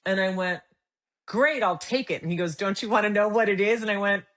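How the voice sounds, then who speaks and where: At medium pitch and a moderate pace, a middle-aged woman shares a conversational story as an interview guest. She tells it in an animated way and acts out the quoted lines.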